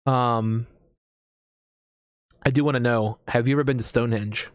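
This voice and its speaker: A man's voice: mid-range voice, steady tone, normal speed, no room sound, clean studio sound. An American man in casual chat as a host, rambling with lots of fillers and casual swearing. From United States.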